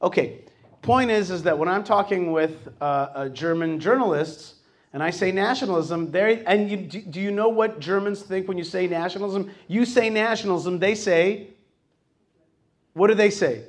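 Male host, fairly high voice, animated delivery, jokes with a live crowd in a hall. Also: normal speed. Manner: animated, jokes with the audience and acts out quoted voices. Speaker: host giving a talk to a live audience. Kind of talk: lively public talk.

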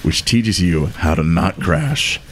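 Very deep, slow-reading podcast co-host man. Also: lively intonation, very noisy. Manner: reads emails in a slow, exaggerated put-on voice, laughing often. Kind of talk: casual chat, reading listener emails aloud.

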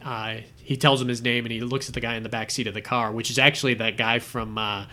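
A man co-hosting a casual movie podcast, retelling film scenes with lively acted-out bits. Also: medium pitch, fast. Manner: animated storyteller acting out scenes. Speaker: podcast co-host.

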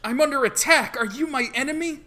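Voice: high-pitched, a little fast, bright, forceful tone. A player doing a frantic young woman under attack. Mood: accusing. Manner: urgent, accusing.

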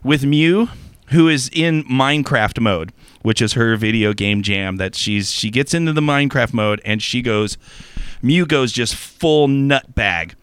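A middle-aged man with a bright, crisp voice, spinning crude comic anecdotes full of swearing. He hams up the voices of the people in his stories. The sound is dry and close, with no room in it. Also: mid-range voice, measured pace, dry recording. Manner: profane, animated, acts out voices in his anecdotes.

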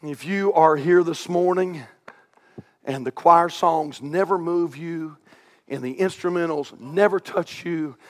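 High-voiced preacher man, shouting then hushed. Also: takes it slowly, long reverb tail. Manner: emotional Southern-style preaching that swings from loud shouting to quiet, hushed asides. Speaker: pastor. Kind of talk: sermon. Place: church sanctuary.

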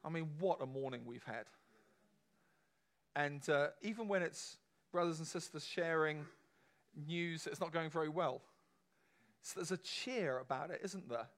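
A man's voice: a little high, a little slow, fairly bright tone. A man preaching a sermon to a congregation in a conversational, emphatic way, often asking the room questions.

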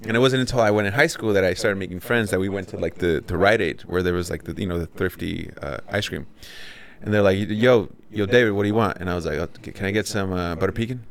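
A man's voice: low-pitched, fast talker, vocal fry. A man who grew up in Mexico, a podcast guest telling loose, rambling stories with many restarts. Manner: rambling storyteller with frequent restarts. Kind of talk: casual chat.

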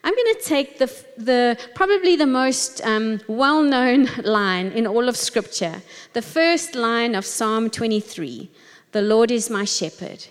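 A woman giving a devotional teaching in a slow, gentle, reflective way, pondering each word. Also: fairly high pitch, expressive, in a large hall. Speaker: Bible teacher.

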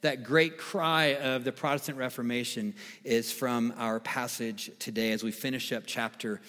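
A man preaching a sermon as pastor, emphatic, repeating key phrases and swinging between quiet and loud. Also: mid-range voice, fairly even intonation, moderate pace. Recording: long reverb of a large hall.

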